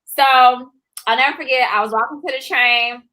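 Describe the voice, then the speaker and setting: A woman co-hosting a casual chat, telling a personal story in a lively way, full of fillers and acted-out voices. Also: a little high, fairly quick, poor audio. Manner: animated, acts out voices, many fillers. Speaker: co-author and co-host.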